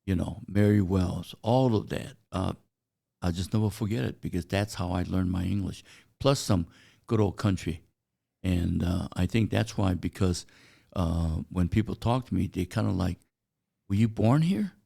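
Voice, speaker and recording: Gravelly low-voiced older man telling stories. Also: steady tone, warm tone. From China. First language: Chinese. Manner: halting, anecdotal, frequent "uh" fillers. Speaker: guest. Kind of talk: casual interview storytelling.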